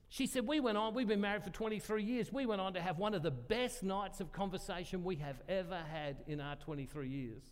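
A man's voice: sits high, fairly quick, few pauses, clean tone. A man preaching a sermon, telling a story in a chatty, self-deprecating way and acting out the voices he quotes. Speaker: pastor. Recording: long hall reverb.

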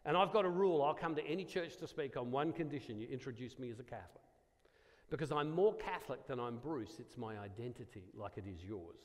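An Australian man giving a Catholic talk to a live audience, animated and self-deprecating, acting out the dialogue in his story. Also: medium pitch, fast talker. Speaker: Catholic speaker at a church gathering. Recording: long reverb of a large hall.

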